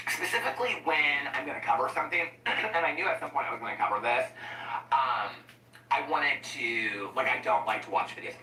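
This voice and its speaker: A man's voice: medium pitch, pushed and bright, a little hiss or hum. A tired man chatting casually and laughing a lot, wandering from story to story while he cooks in his kitchen. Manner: chatty, laughing often, goes off on tangents. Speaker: commentary YouTuber. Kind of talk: rambling casual vlog chat while cooking. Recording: roomy echo, mic at a distance.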